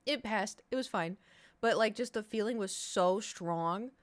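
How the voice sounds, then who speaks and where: A woman's voice: mid-range voice, unhurried. A woman streamer chatting casually on a live stream, rambling and candid, swearing freely.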